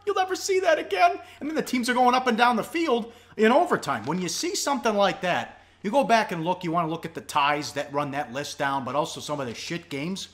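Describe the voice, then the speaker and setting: A man co-hosting a sports betting show, opening it with excitable, hyped-up energy. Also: high-pitched.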